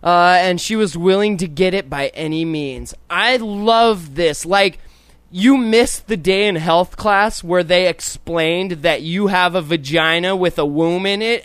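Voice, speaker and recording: Man, talk show host, sarcastic, profane, slow, smooth. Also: high-pitched, fairly bright tone, no echo. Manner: profane, sarcastic, mock-indignant. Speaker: podcast host. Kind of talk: crude comedic talk show banter.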